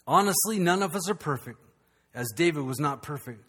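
High-voiced pastor preaching. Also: male voice, brisk, slightly rough, big-room sound. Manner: lively, joking asides to the congregation. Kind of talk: sermon. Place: church sanctuary.

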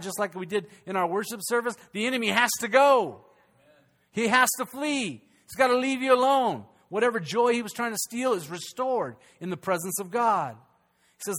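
A man with a fairly high voice preaching a sermon to his congregation in a church. He builds to loud, emphatic peaks and then drops to hushed, quiet lines. It sounds live, through a stage mic. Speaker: pastor. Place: church during a service.

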